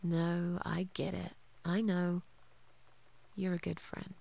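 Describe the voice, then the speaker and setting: An actress playing a weary, bitter cat lady, low and brooding. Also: little pitch movement, takes it slowly, vocal fry, a little mellow, a little hiss or hum, full character voice.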